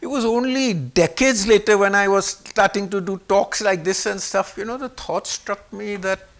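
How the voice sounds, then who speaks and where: Older man with a high, gravelly voice. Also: moderate pace. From Pakistan. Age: 70s. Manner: animated, acts out quoted speech with shifts in voice. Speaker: guest speaker. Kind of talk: personal storytelling.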